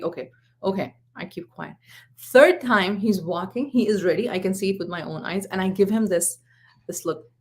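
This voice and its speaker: Earnest woman parenting coach. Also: medium pitch. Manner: earnest, storytelling with acted quotes. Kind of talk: live parenting talk.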